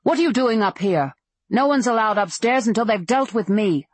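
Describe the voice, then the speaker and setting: A woman voicing a hard, sharp-tongued woman who runs a saloon, speaking sharply and ranting. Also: fairly high pitch, expressive, normal speed, breathy edge, dry recording, voice pushed up.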